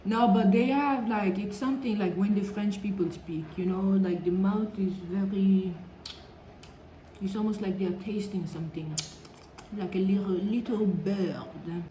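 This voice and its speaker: A woman's voice: mid-range voice, a little slow, warm tone. Chatty woman vlogging in an echoey room. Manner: chatty, rambling, full of "like" and "you know". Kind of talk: casual storytime chat. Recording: roomy echo with faint background noise.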